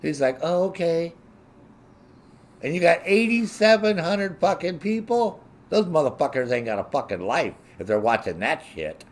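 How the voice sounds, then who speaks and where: A man's voice: fairly high pitch, normal speed, hardly any pauses. A man streaming and ranting casually to his viewers, swearing heavily and sounding indignant. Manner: profane, heavy swearing; animated, indignant.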